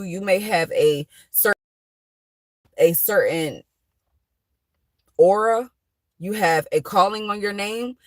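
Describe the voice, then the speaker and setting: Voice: mid-range voice, no echo. A vlogger giving casual motivational talk from inside a parked car, earnest and reassuring, rambling with many fillers and restarts.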